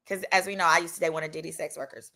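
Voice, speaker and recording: A woman attorney hosting her channel, telling a comedic story in a playful, animated way and acting out the people in it. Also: deep voice, racing. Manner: animated, playful, acts out quoted voices.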